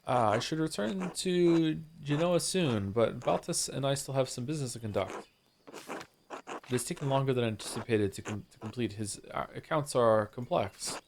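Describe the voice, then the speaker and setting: A man's voice: mid-range voice, natural voice. A man voicing a courteous merchant, on a noisy recording. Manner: courteous, measured. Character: Italian male merchant, polite and formal.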